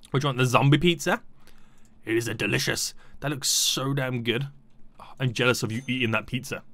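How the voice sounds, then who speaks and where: A man's voice: on the high side, sharp tone, no room sound. A young man giving playful, chatty commentary on his gameplay and talking to the game's customers. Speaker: gaming YouTuber.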